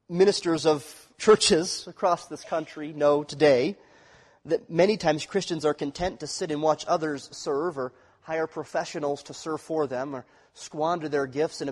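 A man with a notably high voice preaches an expository sermon in a church sanctuary, and his voice trails off into a long reverb. He teaches as he goes and keeps checking that his listeners are following. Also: a little mellow. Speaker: pastor.

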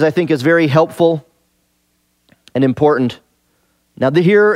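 Higher-voiced man teaching a Bible passage. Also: no room sound, clean studio sound. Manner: conversational, asks rhetorical questions and stresses key phrases.

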